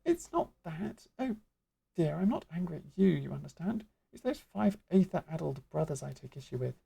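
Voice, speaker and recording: Woman doing a loud gruff merchant guy, folksy, bluster, raised pitch, gravelly. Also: very animated, moderate pace, full character voice. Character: gruff, soft-hearted male street merchant.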